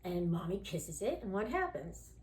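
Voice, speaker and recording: Very animated and speaking at a normal speed, this woman has a lowish, darkish voice, with a little hiss or hum in the background. On a podcast interview she rambles candidly through her own story, heavy on "like" and "you know," often mimicking people she quotes. The recording sounds roomy and echoey.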